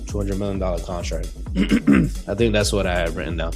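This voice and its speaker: A man hosting a casual sports podcast, reading a rundown from his notes, loose and self-deprecating, stumbling on names, with frequent coughing and throat clearing. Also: deep voice, expressive, moderate pace, over music. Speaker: podcast host.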